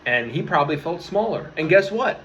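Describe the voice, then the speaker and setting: This twenty-something vlogger from the New York area sounds animated, talking fairly quickly in a somewhat high, fairly bright voice. His motivational chat to camera is earnest and rambling, full of swearing and restarted sentences, recorded in slightly dull lo-fi audio with faint room sound and slight background noise.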